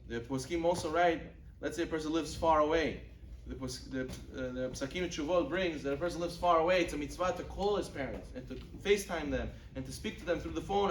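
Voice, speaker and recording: Lecturing off-mic in an echoey room with a faint hum behind him, a rabbi teaches a Torah class in a slightly high voice, talking a little fast. He's a lively storyteller who performs quoted dialogue, going higher in pitch for the characters, and he scatters Hebrew and Yiddish religious terms throughout.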